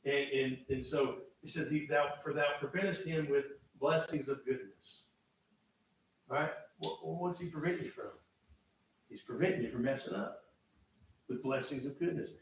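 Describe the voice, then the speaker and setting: A man preaching a sermon in a church, folksy and emphatic, swinging from loud bursts to low, quiet lines. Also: normal speed. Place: church sanctuary. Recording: echoey church from far off, faint noise.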